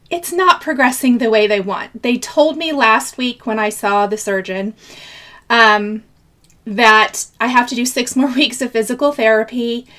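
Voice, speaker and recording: A woman's voice: a little high, a bit bright. A woman from the American Midwest chatting on a live craft stream, greeting viewers by name and laughing often. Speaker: craft channel host.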